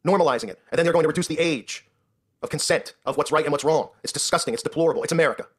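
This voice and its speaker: A man's voice: a little high, rapid-fire, slightly rough. A man hosting his own commentary show, ranting in an indignant, sarcastic way and often tagging lines with "right?".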